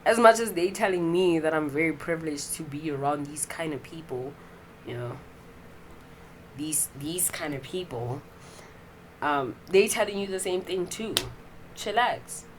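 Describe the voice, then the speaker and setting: Speaking low against a noisy backdrop, this young female podcast host rambles on casually. Her monologue is loaded with filler words and cursing, chatty and foul-mouthed throughout.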